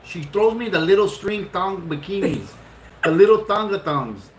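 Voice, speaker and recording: Profane, animated man telling a story. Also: normal speed, slight background noise. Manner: animated, profane, laughing often, jumps into high-pitched retellings. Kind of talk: casual storytelling. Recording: roomy echo.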